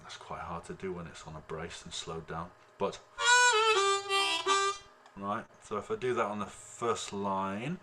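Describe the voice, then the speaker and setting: A man teaching harmonica in an online lesson, explaining in a relaxed, rambling way with many fillers, speaking into a computer microphone. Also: low-pitched, unhurried, pauses often, over loud music. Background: harmonica playing.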